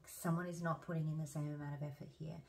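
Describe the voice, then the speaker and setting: A woman giving a casual tarot reading, chatty and hoarse as she loses her voice, thinking aloud with fillers and restarts. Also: low-pitched, flat delivery, fast talker. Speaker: tarot reader.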